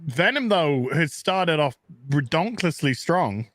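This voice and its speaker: A man's voice: a little high, big pitch swings, measured pace, fairly bright tone, dry recording. A man joining a live stream as a guest, bantering playfully and joking about comics and food. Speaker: guest co-host. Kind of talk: casual chat on a live stream.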